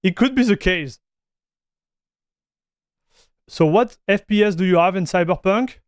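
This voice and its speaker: A young man from the south of France with a French accent, chatting casually on a live stream. His voice sits high and sounds smooth and clear. It is recorded dry and close, with no room sound, and he calls everyone buddy and dude. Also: a little slow, dry recording.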